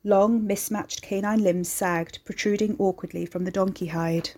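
A woman reading scripted horror story narration in a measured, deliberate way. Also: medium pitch, steady tone, darkish tone.

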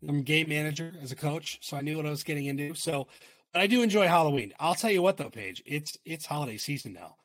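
A middle-aged man co-hosting a relaxed chat podcast, his voice sitting a little high for a man. He rambles and gets excitable, starts sentences over, and swears now and then. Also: quick pace, no echo. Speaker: podcast co-host; coach and father. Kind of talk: casual chat.

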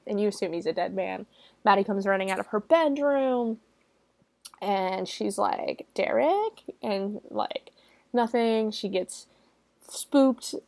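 A young woman giving a casual, chatty movie recap, swearing freely and jumping into high, loud mock quotes. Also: no echo. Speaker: movie reviewer.

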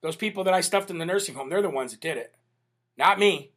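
A man's voice: on the high side, fast, a bit bright, pitched below the performer's own voice. A man doing a sarcastic mocking impression of a defensive, self-pitying male politician. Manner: sarcastic, whiny mockery.

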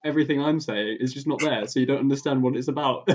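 A man's voice: mid-range voice, fast talker, dull audio, very noisy. A man hosting a casual podcast interview, playful and self-mocking. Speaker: podcast host.

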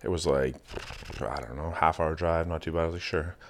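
A man hosting a casual chat, telling a long story in a swearing, animated way. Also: very deep voice, brisk, slight background noise. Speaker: podcast host.

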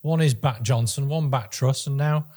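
A man with a slightly husky voice co-hosts a casual political podcast. He talks in an opinionated way and often stumbles and restarts mid-sentence. His pitch sits in a middle range for a man. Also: moderate pace, darkish tone. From Northern England. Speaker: podcast co-host.

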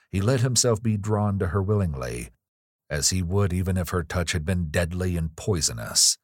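A man narrating a gothic ghost story in a measured, somber tone. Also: sits low, husky, dry recording, clean studio sound. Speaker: audiobook narrator. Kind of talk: scripted narration.

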